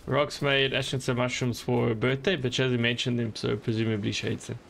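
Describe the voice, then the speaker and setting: A man's voice: medium pitch, level tone, a little fast, gravelly, a bit bright, a little hiss or hum. A man streaming a game, chatting casually in a joking, rambling way and swearing often. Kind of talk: casual gameplay commentary.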